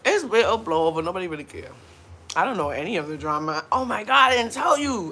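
A woman's voice: lowish voice, big pitch swings, fast talker, pushed and bright, a little hiss or hum. A woman hosting a mukbang livestream, ranting casually with blunt, profane talk and frequent laughs while hungover.

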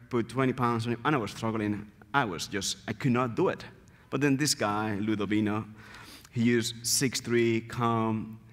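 A man from the Dominican Republic with a Dominican Spanish accent, a native Spanish speaker preaching a sermon earnestly and emphatically, repeating his key phrases. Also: medium pitch. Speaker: guest preacher. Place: church sanctuary. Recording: church hall reverb.

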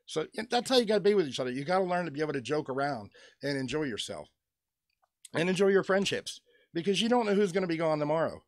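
A man's voice: on the high side, sing-song, fast talker, dry recording. Middle-aged guy from pennsylvania just rambling on a vlog, jokey, laughs a lot, dry close mic. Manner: chatty, joking, chuckles between stories. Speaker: toy customizer vlogger. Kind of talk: rambling casual storytelling. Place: at home with his dog nearby.

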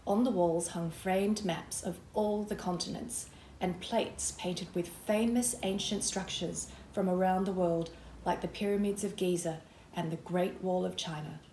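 A woman's voice: fairly low pitch, steady tone, a little slow, mellow, slight background noise. Woman reading a children's book, roomy sound. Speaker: author reading aloud. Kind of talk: children's book read-aloud.

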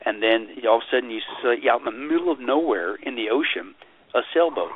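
A man talking as a guest in a radio interview. He speaks in an animated way, repeats himself often, and mocks other views in sarcastic put-on quotes. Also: medium pitch, fairly quick, slightly rough. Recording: tinny phone line, dry.

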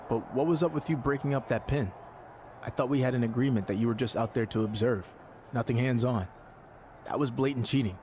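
A man's voice: medium pitch, a little fast, darkish tone, a little hiss or hum, natural voice. An actor playing a suspicious male wrestling champion in a video game, speaking in a guarded, accusing way. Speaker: game character.

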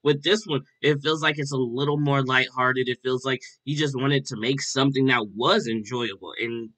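A man hosts a casual music reaction in a bright, forward voice. He talks in an upbeat, loose way and keeps tossing in "like" and "all right?" between thoughts. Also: medium pitch, fairly even intonation, normal speed. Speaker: host.

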